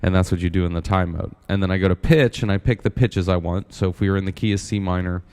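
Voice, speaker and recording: Low-voiced man teaching synth programming. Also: fairly even intonation, quick pace, a little mellow, smooth. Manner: counts steps aloud, frequent "right?" tag questions. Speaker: synth instructor. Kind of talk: casual demonstration tutorial.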